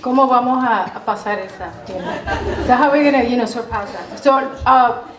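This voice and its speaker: A woman's voice: on the high side, normal speed. A woman presenting at a graduation ceremony, interpreting and reading out parents' messages in two languages. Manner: reads out parents' messages, switching between Spanish and English. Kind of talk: bilingual ceremony announcing. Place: large hall with crowd. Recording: roomy hall, distant mic, crowd noise.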